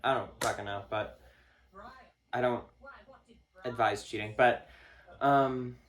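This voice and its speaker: A man vlogging a casual rant to camera, swearing often, packing his talk with fillers and mocking other people in a higher voice. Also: steady tone, slow, fairly bright tone. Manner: profane, filler-heavy, mocks others in a higher voice.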